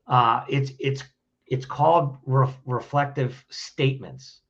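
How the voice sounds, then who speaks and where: A man's voice: mid-range voice, slow, breathy edge, muffled recording. A man speaking as a podcast guest, giving conversational advice in a plainspoken way and often restarting his phrases. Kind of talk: conversational advice on handling anger.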